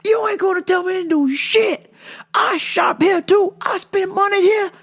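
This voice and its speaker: A woman's voice: lowish voice, animated, a little fast, darkish tone, slightly rough, pitched below the performer's own voice. A woman voicing a volatile male customer who rants, curses and repeats himself. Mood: furious shouting. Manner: profane, ranting, repeats himself.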